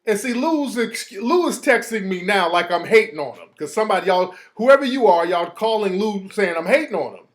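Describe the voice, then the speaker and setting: A man hosting his own show, talking off the cuff in a heated, profane rant. His pitch jumps around a lot as he reacts to the messages he reads out. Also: expressive, a little fast, few pauses. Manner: profane, heated, reading texts aloud. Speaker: show host. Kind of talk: casual live rant.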